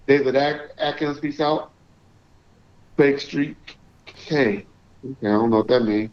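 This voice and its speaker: A man hosting a live call-in stream, chatting casually and reading out shout-outs to viewers. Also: mid-range voice, unhurried. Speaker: livestream host. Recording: echoey, dull lo-fi stream audio.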